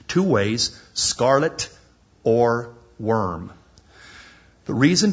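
Preacher, male, husky, dramatic pauses and hushed emphasis, dull recording. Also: mid-range voice. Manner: dramatic preaching, slows for emphasis and drops to a near whisper. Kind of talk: sermon.

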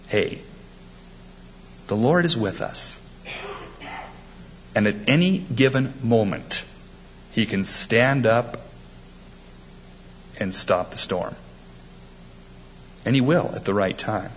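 A man's voice: medium pitch, expressive, slow, pauses often, highs cut off, a little hiss or hum. A man preaching a sermon, emphatic and quoting scripture with rising force. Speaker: pastor.

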